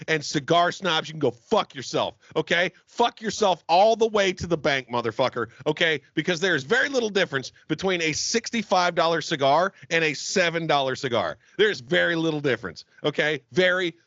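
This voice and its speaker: A man's voice: a little high, expressive, moderate pace, a bit bright, dry recording, lo-fi sound. A man from Jacksonville co-hosting a casual podcast, ranting emphatically and swearing a lot. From Jacksonville, Florida. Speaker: podcast co-host. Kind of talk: casual profane podcast banter.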